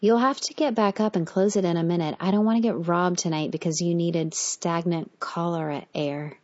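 An irritable young woman, worn out and curt, snaps her lines in short bursts, as a woman reads her aloud. The voice sits fairly low for a woman. The recording sounds dull and lo-fi. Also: steady tone, moderate pace, a little mellow, natural voice. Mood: exasperated. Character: annoyed young woman, dry and tired.

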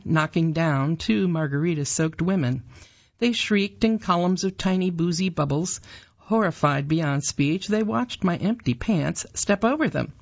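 Woman reading an audiobook, steady pace, bit of vocal fry, muffled lo-fi sound. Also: fairly low pitch. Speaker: audiobook narrator. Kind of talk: scripted narration.

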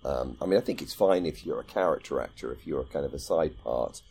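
A man with a very deep, dark, mellow voice co-hosts a podcast in loose, friendly chat. He rambles and thinks out loud, circling back with ums and restarted phrases as he works toward his point. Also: fast, creaky, slightly rough. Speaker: podcast co-host. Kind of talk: casual chat.

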